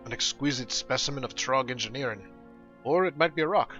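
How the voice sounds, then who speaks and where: A man's voice: mid-range voice, brisk, pushed and bright, lo-fi sound, soft background music, lightly acted. A man voicing a curious male dwarf researcher from a game, in a put-on dwarf brogue. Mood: delighted. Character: scholarly male dwarf digger, eager and curious.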